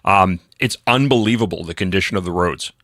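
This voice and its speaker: A man's voice: deep voice, a little fast, a bit bright, no room sound, studio quality. A man hosting a political talk radio show, ranting sarcastically in a casual chat with many restarts. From New England.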